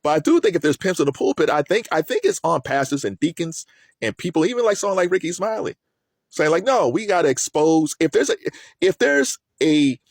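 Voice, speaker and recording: A man giving casual spoken commentary in an animated way, often repeating words as he thinks aloud. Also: mid-range voice, no room sound.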